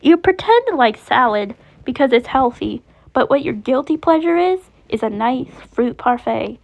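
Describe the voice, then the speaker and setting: A woman's voice: high voice, animated, normal speed, vocal fry, heavily acted. A woman voicing a cheerful, caring animatronic caretaker who rambles eagerly. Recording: dull lo-fi recording.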